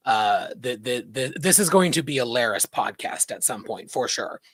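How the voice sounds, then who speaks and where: A man with a mid-range voice talks easily on a podcast, tossing in quick asides as he goes. His voice is close and dry, with no room sound. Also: mid-range voice, lively intonation, fairly bright tone, breathy edge, dry recording. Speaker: podcast co-host. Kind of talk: casual chat.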